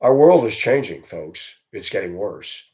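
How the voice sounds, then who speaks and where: A man's voice: on the low side, animated, a little slow, warm tone. Ranting man in a solo vlog. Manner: ranting, indignant, blunt. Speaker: vlogger. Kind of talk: solo opinion monologue.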